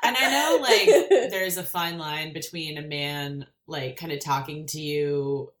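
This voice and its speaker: A woman's voice: deep voice, takes it slowly, roomy sound. A woman podcast co-host chatting casually, speaking frankly and emphatically with casual swearing. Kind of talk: casual chat.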